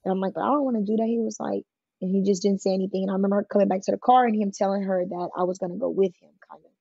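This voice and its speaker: A woman's voice: medium pitch, fairly even intonation, racing, gravelly, dark tone, husky, dry recording, lo-fi sound. A woman from California, a guest telling her life story in an interview, speaking frankly and plainly with many fillers. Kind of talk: emotional personal storytelling in an interview.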